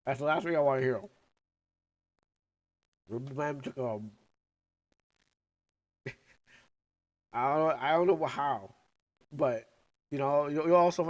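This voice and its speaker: A young man who is sick and coughing chats casually as a streamer. He rambles and halts while sucking on candy. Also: fairly high pitch. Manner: rambling, halting, talking with candy in mouth. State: sick, coughing, recovering lungs. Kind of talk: casual livestream chat.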